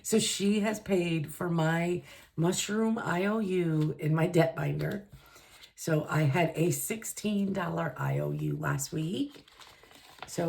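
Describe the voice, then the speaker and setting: A woman's voice: on the low side, darkish tone. A woman budgeting vlogger chatting casually to camera, gushing and emotional, with a lot of fillers. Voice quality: gravelly, creaky voice.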